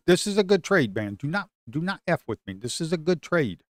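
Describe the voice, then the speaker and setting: A man, commenting live on his own futures trades. He swings from shouting at the market to muttering to himself. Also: on the high side, big pitch swings, a little fast, few pauses, dry recording. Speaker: live trading streamer.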